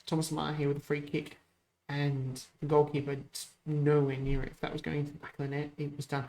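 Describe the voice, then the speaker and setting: A man hosting a gaming channel, chatting casually through a football management game, rambling, correcting himself and getting excited over goals. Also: a little high, fairly quick. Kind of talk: casual let's-play commentary.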